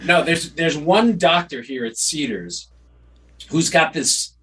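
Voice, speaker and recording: A man's voice: on the high side, expressive, slow pace, fairly bright tone, slight background noise, rough recording. A man, a doctor, co-hosting a podcast in easygoing casual chat. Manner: easygoing, laughs often.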